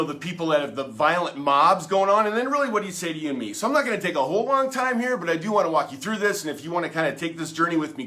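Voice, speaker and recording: A middle-aged male pastor speaks directly to his viewers in a relaxed, folksy devotional chat. His voice sits a little high and rings with a bright, forward edge. He talks in an animated, friendly way. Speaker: pastor and show host. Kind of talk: casual devotional talk to camera.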